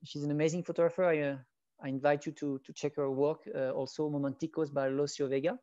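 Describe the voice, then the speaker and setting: Mellow, rambling man. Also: on the high side, level tone, quick pace, no room sound. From France. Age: 40s. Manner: rambling storyteller with frequent restarts, enthusiastic. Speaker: wedding photographer, guest. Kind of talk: casual interview chat. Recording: dull lo-fi audio.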